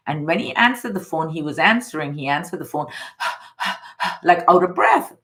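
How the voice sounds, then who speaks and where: A woman's voice: lowish voice, expressive, normal speed, a bit bright. A middle-aged woman, a card reader from Guyana, talking casually and emphatically, often repeating phrases. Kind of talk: casual spiritual reading and storytelling.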